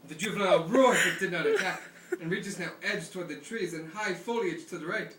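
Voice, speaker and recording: A man's voice: high voice, normal speed, heavy background noise. A man casually reading a novel aloud to friends in a cabin, often amused. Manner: amused, breaking into laughs. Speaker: reader. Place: lakeside cabin, indoors. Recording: echoey room, distant mic.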